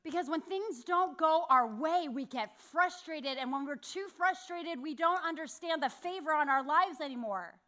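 A woman delivers a sermon in a high voice, folding candid personal stories into her message. Her tone is bright and a little sharp, and she pokes fun at herself as she talks. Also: normal speed, few pauses. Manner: candid, self-deprecating storytelling with laughs. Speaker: church speaker.

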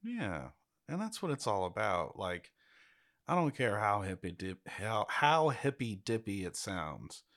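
Earnest low-voiced man, casual chat. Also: sing-song, a little slow, fairly bright tone. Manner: earnest, casual swearing, many "like"s.

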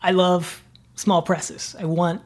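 Author as guest, casual and chatty, then a steady storybook narration of their own novel. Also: mid-range voice, takes it slowly. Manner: casual and chatty, repeats "yeah". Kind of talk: reading aloud from own novel.

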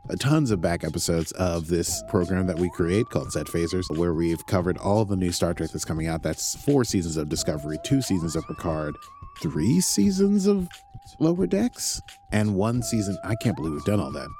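A man's voice: huge pitch swings, fairly quick, hardly any pauses, mellow. A man co-hosting a casual podcast, chatting playfully with big swings in his voice. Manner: playful, wide swings in pitch. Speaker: podcast co-host.

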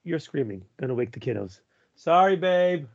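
A man's voice: fairly high pitch, animated, normal speed, creaky, highs cut off, slight background noise. A man co-hosting a podcast who works as a pediatric ER doctor, joking crudely and rambling. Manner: crude jokes, rambling with fillers. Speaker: pediatric emergency physician and podcast co-host. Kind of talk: casual banter.

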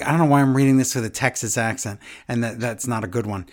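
A man's voice: mid-range voice, fast talker, hardly any pauses. Wisecracking man reading listener emails. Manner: joking, reads emails aloud with asides. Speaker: podcast co-host.

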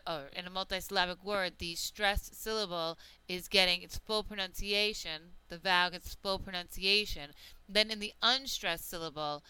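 A woman teaching a pronunciation lesson, reading out example words slowly and deliberately. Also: lowish voice, bright, forceful tone, smooth, no echo, poor audio. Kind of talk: slow, careful pronunciation lesson.

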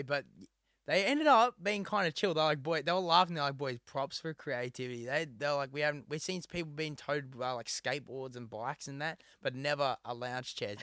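A man's voice: fairly high pitch, brisk, fairly bright tone, clear, resonant tone, dry recording, studio quality. A young man co-hosting a casual chat, telling a story in a rambling way, full of fillers and quoted lines. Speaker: podcast co-host.

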